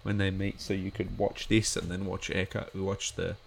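A man's voice: low voice, flat delivery, moderate pace, vocal fry, slight background noise. A man giving a casual watch-along commentary of an episode, chatty and rambling with lots of filler words.

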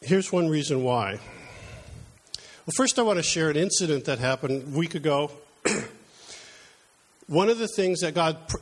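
A middle-aged man delivers a conversational sermon, slipping into personal stories with a chatty, self-deprecating manner. His voice sits a little higher than most men's, and he talks like he's chatting across a table rather than preaching from a pulpit.

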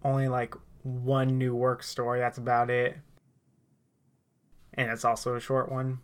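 A man's voice: mid-range voice, monotone, measured pace, pauses often. A young man from Bakersfield, California, with a Bakersfield accent, telling a story in a laid-back way and chuckling between phrases. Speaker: podcast co-host. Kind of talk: casual storytelling.

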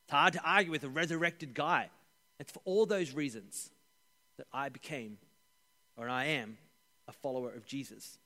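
A man voicing the apostle Peter, a grateful older fisherman, in quiet, earnest first-person testimony. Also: medium pitch, normal speed, long pauses. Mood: earnest, reflective. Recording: echoey hall.

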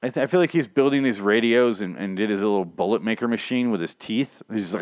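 Talking fast in a lowish voice, a young podcast host recaps a TV episode on his own, complaining, cursing, and rambling as he restarts again and again. The sound is studio quality, with no room sound.

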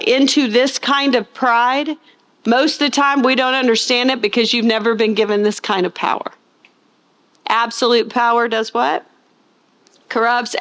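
A woman's voice: a little high, a bit bright. A woman preaching a sermon, stressing key words and asking her listeners rhetorical questions. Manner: asks the congregation rhetorical questions; acts out scenes in funny voices.

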